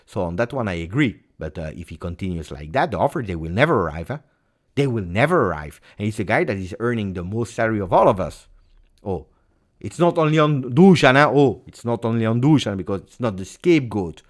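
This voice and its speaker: A man's voice: fairly low pitch, big pitch swings, fairly quick. A man hosting a live post-match football reaction stream, talking in a heated, emphatic way and repeating phrases for stress. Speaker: football channel host.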